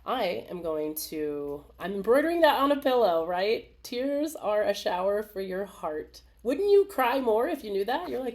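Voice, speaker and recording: A woman hosting a live video webinar in a casual, animated way, laughing often and acting out small voices. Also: medium pitch, moderate pace, few pauses. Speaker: webinar host. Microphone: video call.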